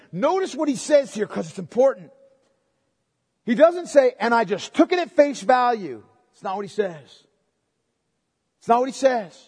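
A man's voice: extremely high pitch, darkish tone, breathy edge. A male pastor preaching an expository sermon in a church, speaking emphatically and checking in with his listeners through tag questions. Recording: long hall reverb.

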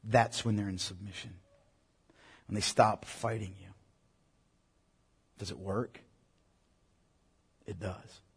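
Guy preaching to parents, husky voice, earnest and pushy, big echoey hall. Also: fairly low pitch, steady tone, takes it slowly, long pauses. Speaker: pastor. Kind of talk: sermon. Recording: long hall reverb.

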